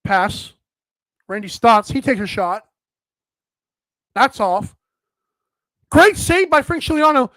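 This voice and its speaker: A woman imitating a flat, muted male play-by-play announcer who makes low-key, deadpan calls. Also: slow, pauses often, no echo, full character voice, rough recording.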